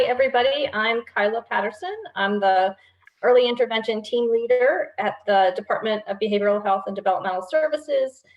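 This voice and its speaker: A woman from North Carolina with a Southern accent, a state program team leader, introducing herself on a webinar in a friendly, measured way. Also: mid-range voice. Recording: dull lo-fi video call audio.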